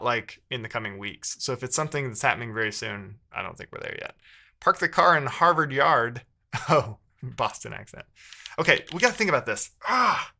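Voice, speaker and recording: A man with a medium-pitched, sharp-toned voice live-streams while coding. He chats casually with viewers and thinks aloud, often second-guessing himself mid-sentence.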